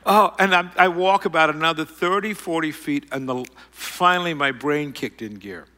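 A man's voice: a little high, moderate pace, big-room sound. Middle-aged man telling a rambling story. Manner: rambling, self-mocking, animated retelling. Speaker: speaker telling a personal story. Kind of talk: storytelling talk to an audience.

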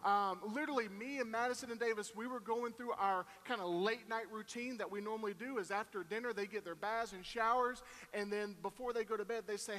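Man in his 30s, very high bright voice, folksy storytelling sermon. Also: fairly even intonation, a little fast, hardly any pauses. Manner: folksy, self-deprecating storyteller with fillers and voiced quotes. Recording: echoey hall.

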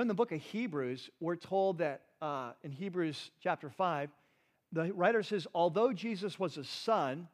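A man preaching a sermon, teaching animatedly and asking the audience rhetorical questions. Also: high voice. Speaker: pastor.

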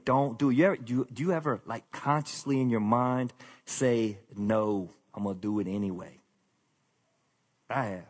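Casual pastor preaching. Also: male voice, medium pitch, breathy edge. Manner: candid, self-deprecating, drops to a quiet confessional tone. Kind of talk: conversational sermon.

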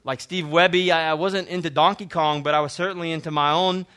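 Young guy preaching in church, kinda high bright voice, gets loud then goes quiet. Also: fairly even intonation, fast talker, smooth. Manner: preaching with swells of intensity, then drops to hushed tones. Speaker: pastor. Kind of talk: sermon. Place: church hall.

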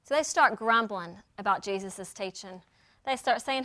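A woman teaching a Bible lesson, acting out the quoted lines with lively storytelling. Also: mid-range voice, normal speed. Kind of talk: sermon.

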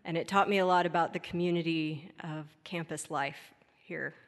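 Calm woman leading a memorial service. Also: sits low, normal speed. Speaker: service leader. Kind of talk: introducing speakers at a memorial. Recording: long hall reverb.

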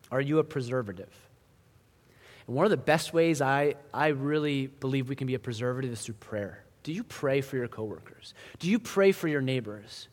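A male pastor preaching a sermon in a conversational style, building to emphatic lines and then dropping to quiet ones. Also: medium pitch. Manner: conversational preaching with rising emphasis and hushed drops. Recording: long hall reverb.

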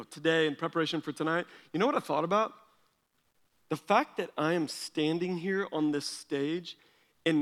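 A man preaching a sermon from a stage in an animated, conversational way. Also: a little high, big-room sound. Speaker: pastor. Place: large hall stage.

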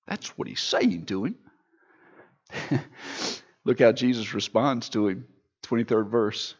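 A pastor delivering a sermon, moving from hushed storytelling to loud, fervent preaching. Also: male voice, on the low side, steady tone, unhurried, dull audio.

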